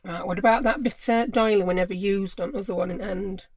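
A woman's voice: medium pitch, fairly even intonation, fast, darkish tone, husky, no echo. A woman hosting a craft channel, chatting casually and musing aloud to herself as she works.

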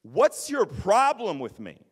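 A man voicing an angry, confrontational male gym-goer who shouts accusations. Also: high-pitched, huge pitch swings, slow pace, breathy edge, in a large hall, voice pushed up, exaggerated voice. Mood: hostile.

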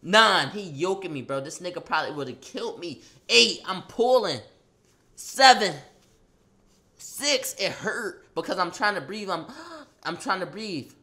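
A young man telling a wild personal story, excitable and profane, acting out a fight with loud sound effects and rambling restarts. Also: high-pitched, a little slow. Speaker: storyteller vlogger. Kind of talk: animated storytelling.

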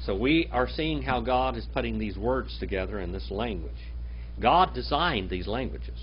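A man teaching a Bible language class, quizzing his students and reading Hebrew words out slowly. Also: mid-range voice, expressive. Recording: dull lo-fi classroom recording with faint hum.

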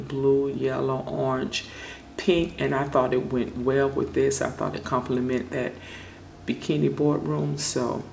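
A woman chats through her manicure in a casual vlog, gushing about the results and repeating her compliments. Her voice is deeply gravelly and full of fry, and she talks at a slow, easy pace. A faint ambience sits behind her. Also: a little mellow, a little hiss or hum. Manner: gushing, repeats praise words. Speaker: nail vlogger. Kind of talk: casual product show-and-tell.

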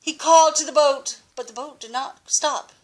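An older woman reading a picture book aloud to a child, patient and expressive, stopping to ask questions. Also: high-pitched, normal speed.

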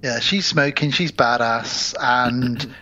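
A man's voice: mid-range voice, slow, sharp tone. A man co-hosting a podcast, casually recapping a film with laughs and quoted voices. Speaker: podcast co-host. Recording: dull lo-fi podcast audio.

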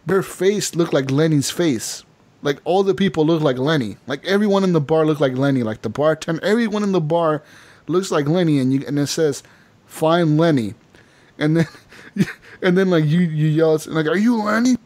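A man hosting a casual gaming podcast, telling animated stories and laughing often. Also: fairly high pitch, moderate pace. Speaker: podcast host. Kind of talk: casual chat.

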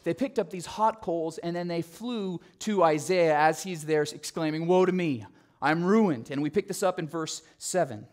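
A man preaching with a slightly higher voice, lively and animated as he tells the story. He drops to quiet, low emphasis on the phrases that matter. His talk has the flow of a pastor's sermon. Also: moderate pace, few pauses. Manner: animated storytelling, acting out quotes.

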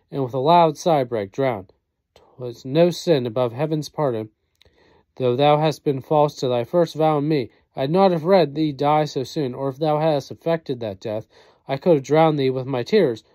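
A man reading the part of a young gentleman soldier in a play, in a measured period-verse delivery. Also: a little high, no echo, lightly acted. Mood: grieving. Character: young gentleman soldier, proud then grief-struck.

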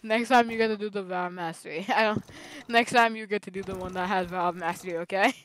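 A woman's voice: medium pitch, fairly quick, a bit bright, slight background noise, rough recording. A woman gaming with a friend in casual chat, playful and teasing, laughing often. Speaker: gamer.

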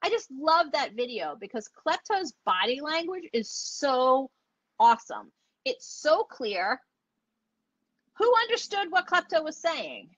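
A woman's voice: sits high, very animated, a little slow, fairly bright tone, no echo. A woman dog trainer teaching online, chatty and enthusiastic, acting out the dogs as she explains. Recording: dull lo-fi audio.

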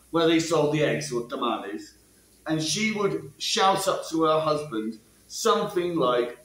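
A man explaining ideas about language learning in a casual monologue, asking rhetorical questions and tagging his sentences with "yeah?". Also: on the high side. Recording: echoey room.

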